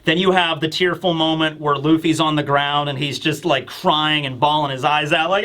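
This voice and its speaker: Excitable, high-voiced man reviewing manga. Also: moderate pace, few pauses. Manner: excitable, bursts into shouting. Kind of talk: casual commentary.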